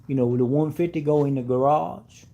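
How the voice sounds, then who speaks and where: A man putting on a slow, dim-witted, bumbling man's voice with broken grammar as a mocking impression. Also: on the high side, vocal fry, dark tone, muffled recording.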